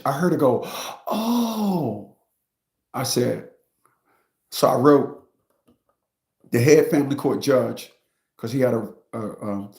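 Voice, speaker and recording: A man's voice: medium pitch, creaky, darkish tone. A man telling a story to his viewers in a casual, emphatic and profane rant, speaking straight to the audience. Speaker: streamer and commentator. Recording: roomy echo.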